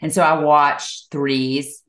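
Woman, very low voice, slow and musing, restarts often; echoey room. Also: level tone, fairly bright tone. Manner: musing, rambling with many restarts. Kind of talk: casual conversational chat, sometimes reading aloud.

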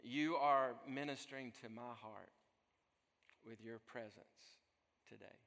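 A man preaching a sermon as pastor, speaking earnestly, building up and then dropping to a soft voice. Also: mid-range voice, takes it slowly, vocal fry. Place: church. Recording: long echo of a large hall.

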